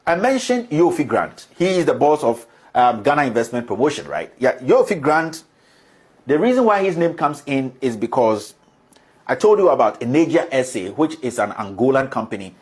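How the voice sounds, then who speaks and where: Husky man explaining facts calmly. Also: medium pitch. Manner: measured, explanatory, with fillers. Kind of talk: explaining in an archived video clip.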